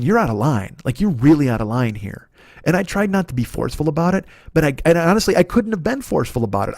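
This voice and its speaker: A man's voice: mid-range voice, darkish tone, dry recording, studio quality. A middle-aged man telling a story in a casual, rambling monologue, swearing often and restarting his sentences. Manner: rambling, profane, halting restarts. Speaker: podcast host.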